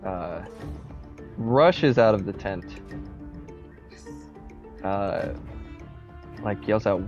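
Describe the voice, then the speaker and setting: A man's voice: fairly low pitch, drawn-out words, long pauses, soft background music. A man leads a tabletop role-playing session over voice chat, narrating what the characters do and patiently walking his players through the rules. His headset mic gives the voice a dull, slightly muffled lo-fi quality. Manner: relaxed, explains rules with many fillers. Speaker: game master. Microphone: headset microphone.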